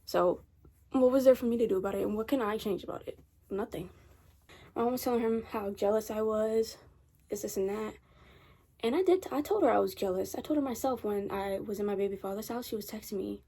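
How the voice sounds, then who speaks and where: Teen girl rambling thru a storytime vlog, kinda husky, mellow low-key tone, repeats stuff a lot. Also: brisk. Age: teens. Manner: chatty, rambling, repeats herself. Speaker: vlogger. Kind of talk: casual storytime chat. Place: bedroom at night.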